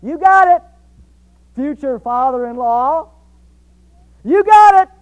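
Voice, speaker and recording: A man's voice: fairly high pitch, big pitch swings, a little slow, dark tone, pitched below the performer's own voice. A man preacher voicing the young man Jacob, pleading and then protesting in a raised, rising voice. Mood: eager. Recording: dull lo-fi recording.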